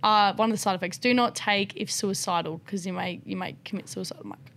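Young woman, podcast guest, frank, chatty, casual swearing, mid pitch. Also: a little fast, gravelly, fairly bright tone, a little hiss or hum. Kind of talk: casual chat.

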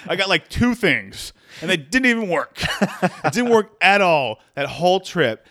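A man's voice: sits high, a little slow. A man telling a story in casual chat from a makeshift home studio. He laughs often, restarts his sentences and jumps into quoted voices. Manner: animated, laughs a lot, many restarts.

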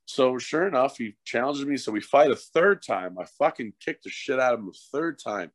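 A man's voice: medium pitch, moderate pace, dry recording. A middle-aged man, a former hockey fighter turned coach, telling stories in a casual, profane podcast chat. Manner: profane, animated storyteller.

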